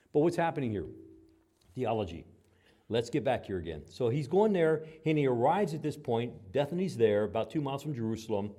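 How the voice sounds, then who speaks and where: A pastor with a mid-range voice preaches a sermon, swinging between loud emphatic passages and quiet conversational asides. He acts out the voices of those he quotes.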